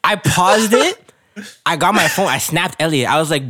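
A man's voice: a little high, animated, normal speed, pushed and bright, slightly rough. A man co-hosting a casual chat who animatedly retells a reality show, laughing through his lines and stretching out his disbelief. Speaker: podcast co-host.

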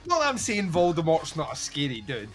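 A man hosts a casual podcast, chatting in a slightly high voice. He is animated and swears freely, and he acts out scenes from movies. Faint music sits behind him. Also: brisk. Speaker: podcast host. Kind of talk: casual chat.

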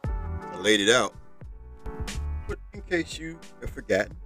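A man's voice: medium pitch, big pitch swings, unhurried, bright, forceful tone, faint music behind, rough recording. A man hosting a solo sports podcast, reading a rankings list with lifting emphasis and loose colloquial asides to listeners. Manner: reads list with rising emphasis, casual asides. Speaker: podcast host.

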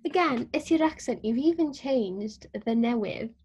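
A woman teaching words in a relaxed lesson, patient and encouraging as she models pronunciation slowly. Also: on the high side, breathy edge, highs cut off. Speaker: Welsh language teacher. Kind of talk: casual language lesson.

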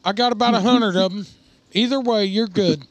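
A man in casual podcast banter, loud and animated, swearing and laughing often. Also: high voice, moderate pace, slight background noise. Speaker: podcast co-host.

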